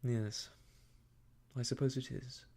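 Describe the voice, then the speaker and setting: A man voicing an idle, uneasy young gentleman in a whispered role-play, hesitant and sheepish. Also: medium pitch, steady tone, slow.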